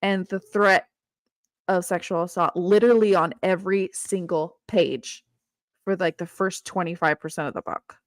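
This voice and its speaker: Animated woman chatting about a book. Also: on the low side, moderate pace, dry recording, clean studio sound. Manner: animated, acts out characters' lines, laughs often. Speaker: book club co-host. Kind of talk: casual book discussion.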